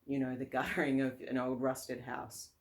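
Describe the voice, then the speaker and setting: Buddhist nun giving a relaxed dharma talk. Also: female voice, rumbling low, normal speed, vocal fry. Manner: casual, laughs often, many fillers and restarts.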